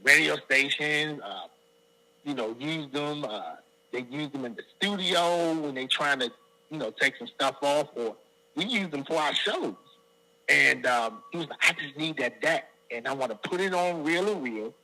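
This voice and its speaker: A man's voice: fairly high pitch, normal speed, low-quality recording. A middle-aged man from the Washington DC area, a guest singer telling stories in an interview and acting out other people's lines. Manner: animated storyteller who acts out other people's quotes. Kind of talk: storytelling interview.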